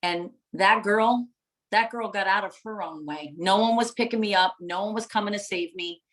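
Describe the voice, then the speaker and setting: A woman's voice: mid-range voice, rough recording. Passionate woman giving a motivational talk. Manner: passionate, preacher-like, emphatic repetition. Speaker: motivational speaker and coach. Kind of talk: live-streamed motivational talk.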